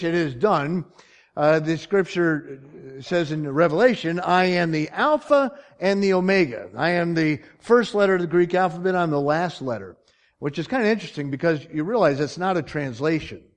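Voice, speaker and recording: Man preaching and quizzing his congregation. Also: on the high side. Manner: teaching from slides, asks the congregation questions. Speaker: pastor. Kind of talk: sermon. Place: church sanctuary.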